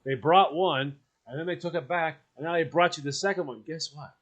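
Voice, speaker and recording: A man's voice: a little high, brisk, a bit bright. A man co-hosting a talk show in casual chat, playfully teasing his co-host.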